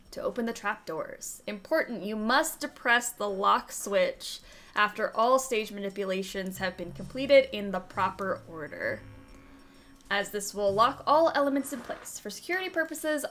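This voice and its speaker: A woman with a mid-range, somewhat bright voice hosts a video game let's-play. She chats casually, reads the instructions out loud and giggles often.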